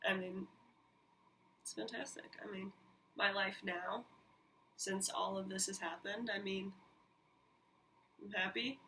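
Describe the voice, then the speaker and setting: Woman, podcast host, candid personal storytelling, animated, swears freely, bright tone, faint background hiss. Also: mid-range voice. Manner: animated, swears freely, quick asides and laughs. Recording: mic a little distant, faint hiss.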